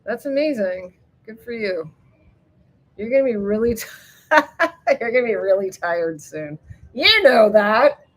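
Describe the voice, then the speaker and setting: A livestream host reads her chat and talks on and on, hopping topics, laughing frequently and swearing offhandedly; greeting anyone by name makes her jump up excitedly. She speaks at a medium pitch, a little slowly with frequent pauses, on a low-quality recording.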